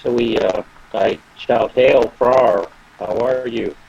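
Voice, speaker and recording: Gravelly guy playing a tabletop game, slow talker, muffled lo-fi mic w/ a bit of hiss. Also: fairly low pitch, steady tone, mellow. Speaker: player.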